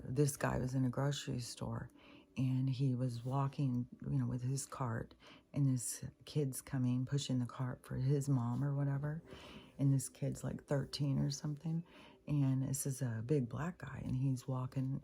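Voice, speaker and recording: Low gravelly woman ranting. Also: fairly even intonation, normal speed, dark tone. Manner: rambling, profane, exasperated. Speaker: spiritual vlogger. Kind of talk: casual monologue.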